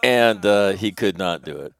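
A middle-aged man from Northern California hosting a radio show, telling a long, rambling, profane story with lively quoted asides. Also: deep voice, normal speed. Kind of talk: casual storytelling monologue.

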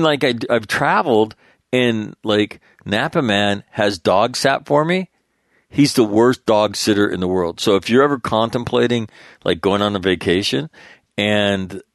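A man's voice: lowish voice, dry recording, studio quality. A man hosting a talk show, reading headlines and drifting into loose, rambling stories with frequent laughs. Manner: rambling, animated storytelling with laughs. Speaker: show host. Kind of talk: casual talk show monologue.

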